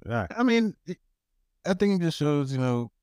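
A man's voice: a little high, big pitch swings, normal speed, darkish tone, clear, resonant tone, dry recording, studio quality. A man co-hosting a podcast in a laid-back, joking way, often restarting his words. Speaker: podcast co-host. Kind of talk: casual chat.

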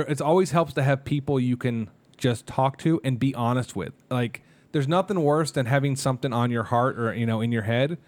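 A man in his thirties talks openly on a casual podcast, his mid-range voice wandering through stories with plenty of ums and restarts. He sounds candid and unguarded. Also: mid-range voice. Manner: candid, rambling, emotional storytelling with many fillers. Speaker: podcast co-host, mascot performer.

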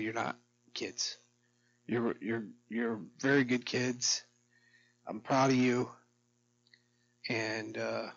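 A man's voice: lowish voice, vocal fry, sharp tone, muffled recording, slight background noise. A middle-aged man vlogging in a rambling, profane, darkly joking monologue to camera.

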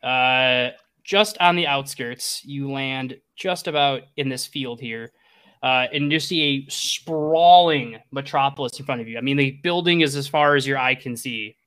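Bright-voiced male game master. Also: mid-range voice, a little slow, smooth. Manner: rambling, many fillers and restarts. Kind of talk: narrating a tabletop game.

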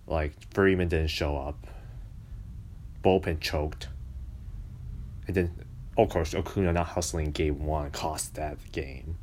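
A man's voice: extremely low pitch, steady tone, takes it slowly, pauses often, a little mellow, a little hiss or hum. A man giving a casual, exasperated rant about baseball, mocking and complaining as he talks. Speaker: baseball fan commentator.

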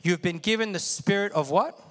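This man's voice sits high and sounds a bit bright, moving a little fast. He gives a conversational sermon, frequently questioning listeners and having them repeat words, recorded in long hall reverb.

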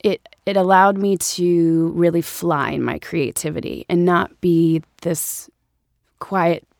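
A woman's voice: slow, gravelly, dry recording, studio quality. A woman in her thirties, an actress chatting as an interview guest and acting out quoted voices as she tells stories. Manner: animated storyteller, acts out quotes in higher voices. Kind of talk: casual interview chat.

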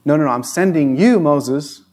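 A man's voice: a little high, normal speed, a little mellow, natural voice. A man voicing God as a casual, insistent figure in a retold story. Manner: casual and matter-of-fact. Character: laid-back, insistent male God.

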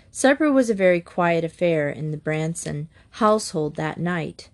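A woman narrating a children's storybook in an expressive way. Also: lowish voice, moderate pace, hardly any pauses. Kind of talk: storybook reading.

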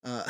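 A man hosting a casual tabletop gaming podcast, rambling with many fillers. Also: dull audio. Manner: rambling, filler-heavy, lively. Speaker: podcast host. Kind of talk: casual chat.

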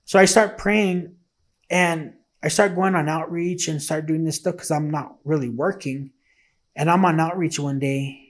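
Man, fairly high voice, earnest, emotional, casual testimony, acts out quoted dialogue. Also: steady tone, measured pace. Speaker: man sharing his faith testimony.

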